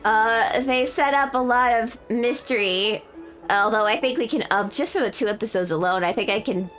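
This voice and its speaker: A woman's voice: fairly high pitch, moderate pace, a bit bright. A woman streamer chatting casually on a live stream, her talk rambling and full of restarts and little laughs. She sounds a bit under the weather, and faint game music plays underneath her voice. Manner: rambling, self-correcting, laughs often. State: feeling unwell.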